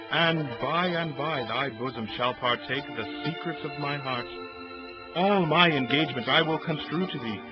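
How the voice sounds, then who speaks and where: A man playing a noble, troubled Roman conspirator in a Shakespeare audio drama, speaking verse with measured solemnity. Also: on the high side. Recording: dull lo-fi audio with faint music.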